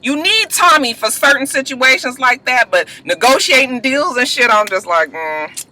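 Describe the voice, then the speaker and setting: High, bright-voiced man recapping a show. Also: normal speed. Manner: casual, profane, animated. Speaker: host. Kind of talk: TV episode recap vlog.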